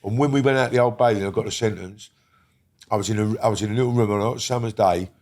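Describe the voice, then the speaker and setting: A middle-aged man tells his story in a blunt, heated way. He swears freely and leans hard on his words. His voice sits on the low side. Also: fast, darkish tone. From Britain. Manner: heated, profane, emphatic storytelling. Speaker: interview guest. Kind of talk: casual storytelling.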